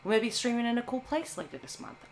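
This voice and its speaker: A woman's voice: on the high side, very animated, fast, vocal fry, slight background noise. A woman hosting a live movie stream, talking to her chat in a playful, chatty way.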